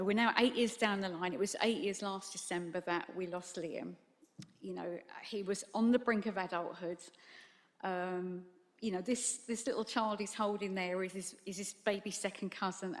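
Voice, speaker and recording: Middle-aged woman, bereaved mother, tearful halting testimony, long hall reverb. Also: mid-range voice, fairly even intonation. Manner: halting, tearful, many fillers and restarts. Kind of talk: emotional public testimony. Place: large hall at a public tribunal.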